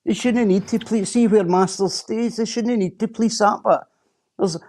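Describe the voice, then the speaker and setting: A man's voice: high voice, steady tone, normal speed, mellow. A Scottish man in casual chat on a stream, blunt, sweary and repeating himself as he rants.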